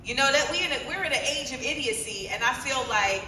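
A woman's voice: high-pitched, expressive, fast. Brief: emphatic comic woman, distant mic, long echo and audience noise. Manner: sharp, emphatic and wry. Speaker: co-host on stage. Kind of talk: storytelling stage conversation. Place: large conference hall stage. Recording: echoey hall, far from mic, crowd noise.

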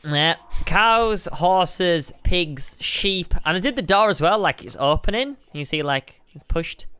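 A man hosting a casual building-game video, playful and excitable, joking about himself. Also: sits high, takes it slowly, clear, resonant tone, no echo. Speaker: YouTube host. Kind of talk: casual let's-play chat.

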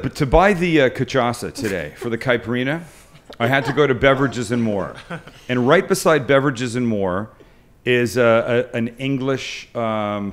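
A man hosting a live cooking webcast, telling jokey stories in casual banter. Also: mid-range voice. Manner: joking storyteller, quick asides. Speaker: cooking show host.

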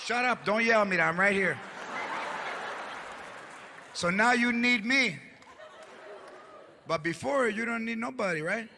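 A man's voice: high voice, unhurried, gravelly, long pauses, a little hiss or hum, exaggerated voice. A man voicing an older woman who scolds and taunts her ailing husband sarcastically. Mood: sarcastic scolding. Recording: live stage with loud crowd.

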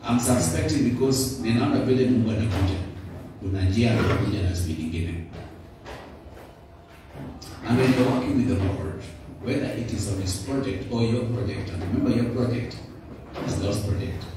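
A man with a Kenyan accent giving a church testimony, urging the congregation and calling for their responses. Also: lowish voice. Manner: exhorting, call-and-response with the congregation. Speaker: church speaker, not a preacher. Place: church building. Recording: echoey church from a distance with background noise.

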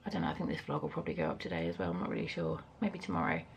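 Chatty mum with a gravelly edge. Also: female voice, extremely low pitch, very animated, rapid-fire, slight background noise. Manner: casual, chatty and frank, with some swearing. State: out of breath. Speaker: vlogger and mum. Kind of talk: chatty home vlog. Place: family house indoors.

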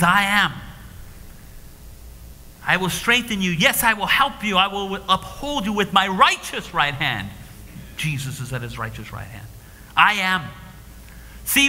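A man preaching a sermon, swinging between hushed whispers and shouted declarations, recorded live in a church. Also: sits high. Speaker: pastor. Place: church sanctuary. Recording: live church stream with long hall reverb.

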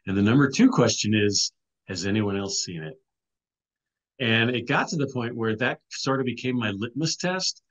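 This middle-aged podcast guest, an author and filmmaker, speaks at normal speed with a medium-pitched, slightly bright voice and lively intonation. He tells a story casually with many restarts and "you know"s, on a low-quality recording.

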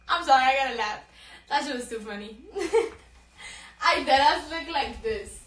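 A woman's voice: high-pitched, lively intonation, unhurried, bright, forceful tone, roomy sound, slight background noise. A young woman telling a story on a phone livestream, swearing freely, laughing, mixing in Spanish, and short of breath. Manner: profane, laughing, code-switching into Spanish. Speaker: social media personality.

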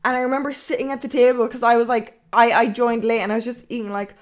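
A woman's voice: a little high, little pitch movement, fast. Rambling, foul-mouthed young Irish woman. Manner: rambling, swears freely. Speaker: streamer. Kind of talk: casual stream chat.

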